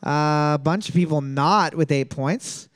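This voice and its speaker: A man's voice: a little high, unhurried, clean tone, dry recording, studio quality. A man hosting a trivia podcast, reading questions twice and joking and laughing with his co-host. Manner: repeats each question twice, laughs easily.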